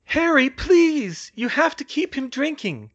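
Frantic young woman in an audiobook, desperate, high strained cries, read by a man. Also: very animated, a little slow, fairly bright tone, highs cut off, exaggerated voice. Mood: pleading.

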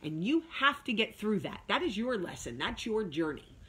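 A woman's voice: mid-range voice, big pitch swings, normal speed, a bit bright, slightly rough. A woman hosting a casual talk video, chatty and emphatic, talking straight to her viewers. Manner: chatty, emphatic, with sung asides. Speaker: vlog host.

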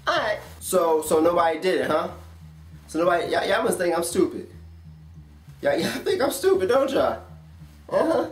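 A man playing a hot-tempered, foul-mouthed daycare teacher who scolds children loudly. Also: sits high, very animated, normal speed. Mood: exasperated. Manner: loud, scolding, swears constantly, swoops up into shouts. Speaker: comedy sketch creator. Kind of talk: comedy sketch acting. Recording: roomy echo, voice from far off the mic.

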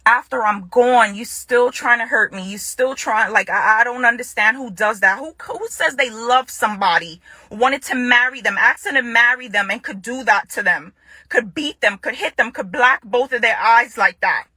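A woman's voice: a little high, moderate pace, bright, forceful tone, slightly rough, no echo. A woman vlogging straight to the camera in a confrontational way, repeating her phrases for emphasis, with a Jamaican accent. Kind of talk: direct-to-camera vlog rant.

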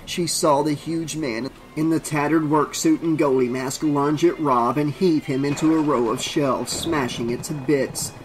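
A man narrating an audiobook in a dramatic way, slowing down on grim details. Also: on the high side, steady tone, faint music behind, low-quality recording.

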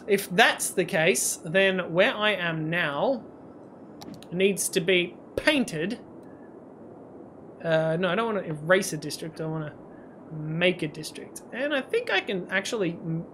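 Bright-voiced rambling gamer man. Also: sits high, slight background noise. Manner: rambling, self-mocking, breaks into silly sing-song and nonsense sounds. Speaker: gaming YouTuber. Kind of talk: let's-play commentary. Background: faint game music.

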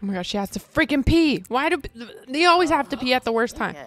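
A young woman giving casual, chatty commentary while playing a life-sim game, excitable and quick to shriek and laugh. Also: high-pitched, faint music behind. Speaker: gaming streamer. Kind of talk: casual Let's Play commentary.

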